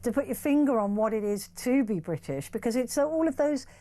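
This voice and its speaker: A woman presenting a radio phone-in show in a warm, chatty way. She gushes with enthusiasm and talks briskly between callers. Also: a little high, lively intonation. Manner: chatty, effusive. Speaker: radio host.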